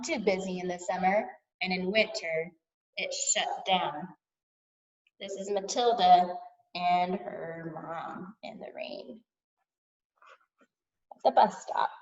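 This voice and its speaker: A woman teacher reading a storybook aloud to kindergartners in an expressive, sing-song way. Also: mid-range voice. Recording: distant dull lo-fi sound.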